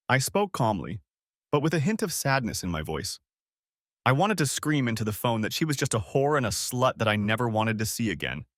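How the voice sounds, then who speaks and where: A man's voice: medium pitch, big pitch swings, a little fast, fairly bright tone, dry recording, studio quality. A man reading a first-person revenge story aloud in a cold, bitter tone. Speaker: narrator.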